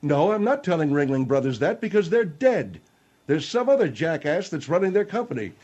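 A cantankerous general, as voiced by a man, spars with the host on a radio comedy bit, gruff and quick to insult. His voice sits a little high for a man. The broadcast sound is dull and lo-fi. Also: sing-song, a little mellow. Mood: combative. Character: cantankerous male general, argumentative radio guest. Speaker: guest on a radio talk show.

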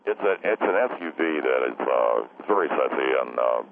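A man's voice: extremely low pitch, expressive, normal speed, vocal fry, full character voice. A man playing a forgetful, rambling young caller who keeps apologising and losing his train of thought. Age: young adult. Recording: tinny phone line with faint noise.

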